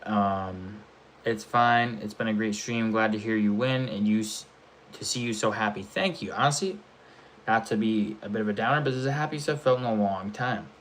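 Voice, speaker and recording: A young man streaming live, telling a rambling, animated story in casual chat and swearing often. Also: fairly low pitch, moderate pace, slight background noise.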